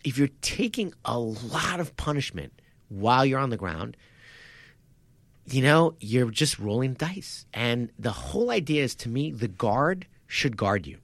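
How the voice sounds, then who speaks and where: A man on a podcast, chatting casually about martial arts fights, animated and quick to laugh as he acts out his own reactions. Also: mid-range voice, no room sound. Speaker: podcast co-host. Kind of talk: casual sports chat.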